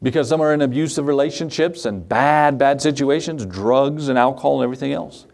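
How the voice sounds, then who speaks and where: A man's voice: medium pitch, a little fast, creaky, a little mellow. A middle-aged man, a pastor, preaching a sermon in a folksy, conversational way with chuckling asides.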